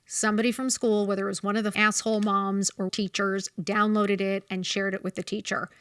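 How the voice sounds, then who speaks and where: A woman in her fifties telling a story on her podcast, blunt and full of swearing. Her voice sits in an ordinary middle pitch and sounds close and dry, with no room around it. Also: flat delivery, a little fast, fairly bright tone, smooth, no room sound. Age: 50s. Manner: blunt, profane and heated in retelling. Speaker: podcast host. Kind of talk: candid storytelling chat.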